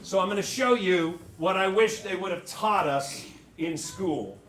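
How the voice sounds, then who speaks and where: A man's voice: high-pitched, a little slow. A middle-aged man from Seattle doing a stand-up set, brash and mock-indignant, firing off punchy rhetorical questions. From Seattle, USA. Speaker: stand-up comedian. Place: comedy club stage before a live audience. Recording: loud crowd laughter and room noise.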